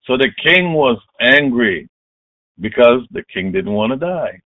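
A man preaches a sermon with emphatic, dramatic delivery, retelling scripture with loud bursts. His voice sits at a middle pitch. The sound is thin and phone-like, with a dry, close feel. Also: expressive, unhurried, no echo.

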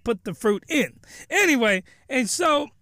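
A man giving a crude, rambling comedic recap of a show in an animated way. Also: extremely high pitch, a little slow, no echo, studio quality.

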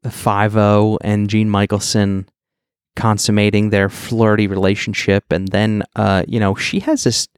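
A man co-hosts a casual podcast, recapping a movie with wry asides and plenty of restarts. His voice sits low and sounds dry and close to the mic. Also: flat delivery, unhurried, smooth, dry recording. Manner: rambling, many fillers and restarts, wry. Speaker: podcast co-host.

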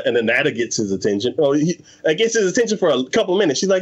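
A man's voice: a little high, very animated, fast talker, hardly any pauses, lo-fi sound. A man in casual chat, animatedly retelling an anime plot and acting out the characters' lines, with lots of fillers. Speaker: anime podcast co-host.

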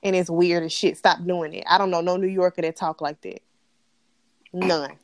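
A woman co-hosting a casual TV recap tears into the show with blunt, profane, animated ranting. Her voice sits on the low side at a normal speed, and the recording is dry.

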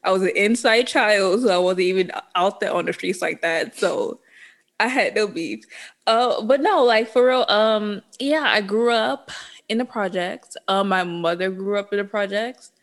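A New Orleans, Louisiana woman chats casually and candidly, laughing and using slang, and she sounds a bit sniffly. Her voice is mid-range and moves at a normal speed.

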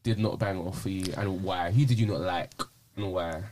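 A man's voice: deep voice, steady tone, moderate pace, a little mellow. A man hosting a podcast in casual chat, restarting his sentences as he searches for words. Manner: chatty, repeats words while searching for phrasing. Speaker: podcast host.

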